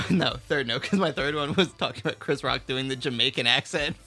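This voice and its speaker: A young man co-hosting a casual movie review podcast, animated, laughing often and swearing casually. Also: medium pitch, a little fast, vocal fry, soft background music. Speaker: podcast co-host.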